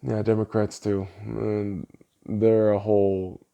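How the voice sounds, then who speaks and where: A man hosting a podcast, ranting heatedly and swearing often, his voice lurching between loud outbursts and low mutters. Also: little pitch movement, slow, vocal fry, dull audio. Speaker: podcast host. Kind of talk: ranting political commentary.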